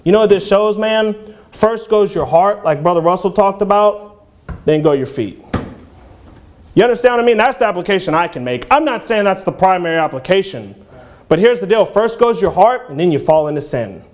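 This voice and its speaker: A man's voice: high voice, animated, fairly quick. A man in his thirties preaching in a church, talking informally and reading scripture aloud in King James English. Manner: informal, conversational, peppered with "you know" and "man". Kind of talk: sermon.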